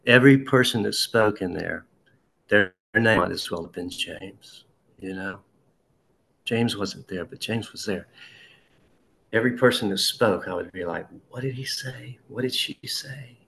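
Gravelly low-voiced man telling his story. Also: fairly bright tone. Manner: halting storytelling with many restarts and asides. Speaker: speaker sharing a recovery story. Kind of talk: personal testimony.

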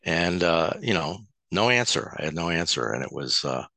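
A man sharing his personal testimony at a support meeting, halting and often restarting his words. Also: deep voice, sing-song, gravelly, sharp tone, no room sound. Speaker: recovery speaker at a support meeting.

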